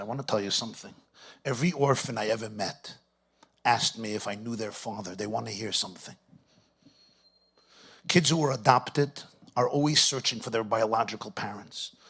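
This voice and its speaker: A middle-aged rabbi speaks to a gathering in a husky voice. He tells his story with lively energy, dropping Yiddish and Hebrew phrases along the way. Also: mid-range voice. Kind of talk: storytelling talk to an audience.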